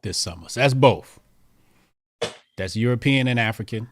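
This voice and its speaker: A man's voice: medium pitch, moderate pace, slight background noise. A man co-hosting a podcast, making dry, sarcastic quips in casual chat. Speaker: podcast co-host.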